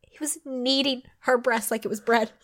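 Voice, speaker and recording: A woman with a somewhat high voice reads a steamy novel aloud for laughs. She giggles often and breaks off with mock disgust, keeping a playful comedic tone. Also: fairly even intonation, moderate pace, a bit bright. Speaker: podcast co-host. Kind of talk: comedic reading and banter.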